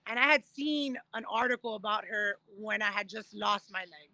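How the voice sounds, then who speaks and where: A woman in her thirties, a guest telling her story in a casual interview, animated and acting out what others said. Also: mid-range voice, moderate pace, no echo. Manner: animated, acts out quoted voices while telling stories. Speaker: guest, Paralympic discus thrower.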